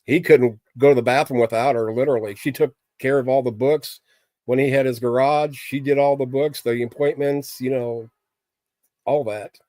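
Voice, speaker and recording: A man's voice: mid-range voice, steady tone, normal speed, a little mellow, dry recording. A middle-aged man hosting a casual livestream, talking candidly with viewers in a rambling, plain-spoken way. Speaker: livestream host chatting with viewers.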